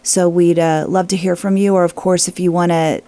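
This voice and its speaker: A woman's voice: lowish voice, flat delivery, fairly quick, dark tone, no echo. A woman from a theater talking in an interview, giving information in a friendly way with some fillers. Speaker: theater director. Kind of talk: casual interview.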